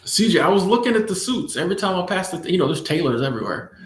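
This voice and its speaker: A man hosting a casual livestream, reading chat and answering viewers in a relaxed, playful way, often repeating his phrases. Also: sits high, fast. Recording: echoey room.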